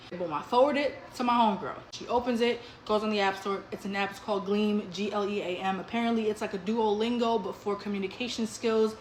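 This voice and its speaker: Woman, storytime vlog, blunt, profane, punchy, mid-pitched, echoey room. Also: steady tone, fairly quick, hardly any pauses, a little hiss or hum.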